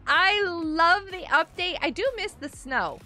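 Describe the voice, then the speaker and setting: Bubbly high-voiced woman streamer. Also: a little slow, faint music behind. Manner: bubbly and excitable, often laughing and gasping; greets viewers by name as she plays. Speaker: game streamer. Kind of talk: live-stream gameplay chat.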